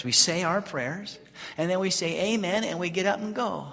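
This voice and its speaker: A pastor from Colorado tells an animated, folksy story during a sermon. His voice is bright and gravelly with a slightly high pitch. Long hall reverb trails his words. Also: moderate pace.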